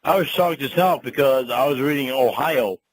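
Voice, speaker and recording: A man's voice: medium pitch, moderate pace, no room sound, low-quality recording. A man arguing over the phone. He curses a lot and repeats himself bluntly. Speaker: show host. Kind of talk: heated phone argument.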